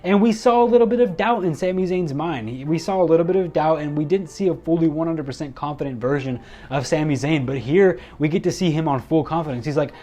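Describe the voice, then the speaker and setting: A man giving a casual, excitable spoken recap of a wrestling show, rambling and restarting his sentences often. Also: fairly high pitch, fast, few pauses.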